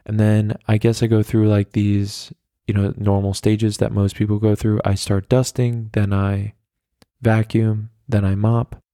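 A man's voice: fairly low pitch, flat delivery, measured pace, dark tone, no echo, studio quality. A young man hosting a solo podcast, talking casually and rambling in a self-deprecating way, with lots of fillers. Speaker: podcast host.

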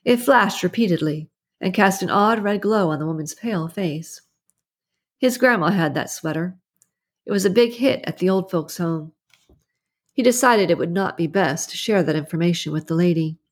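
A woman narrating an audiobook in a steady, even storytelling manner. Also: on the low side, normal speed, husky. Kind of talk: scripted narration.

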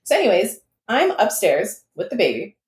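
A young woman co-hosting a podcast, telling a story in casual chat, animated and swearing freely. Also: mid-range voice, normal speed, reverberant. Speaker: podcast co-host.

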